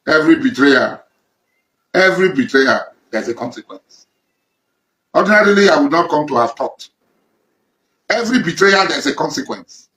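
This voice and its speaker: A man's voice: a little high, lively intonation, unhurried, long pauses, pushed and bright, reverberant, rough recording. A middle-aged Nigerian man in a confrontational public address, accusing and emphatic, repeating lines for force. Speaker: traditional ruler and political figure.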